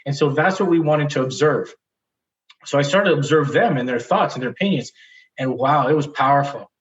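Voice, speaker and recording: A man being interviewed, telling a personal story in a candid, animated way, often restarting sentences and laughing as he talks. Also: fairly high pitch, fairly quick, dull audio. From Canada. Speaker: interview guest.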